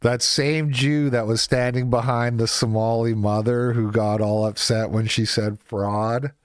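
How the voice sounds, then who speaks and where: A man's voice: medium pitch, little pitch movement, measured pace, clear, resonant tone, no room sound, clean studio sound. A man hosting a casual reaction commentary show, with mocking, chuckling asides. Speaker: commentary streamer.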